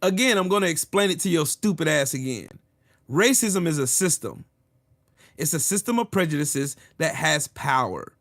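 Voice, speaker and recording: A combative man ranting straight to his audience, cursing freely and mocking his critics. His voice sits a little high for a man and swings widely in pitch as he hammers each point. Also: expressive, moderate pace, a bit bright. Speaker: channel host. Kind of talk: ranting commentary.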